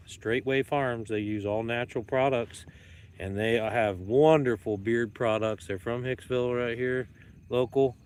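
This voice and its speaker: Outdoors at dusk with dogs nearby, a man with a smooth, medium-pitched voice vlogs for his YouTube channel. His talk is casual and joking, the rambling patter of a playful showman.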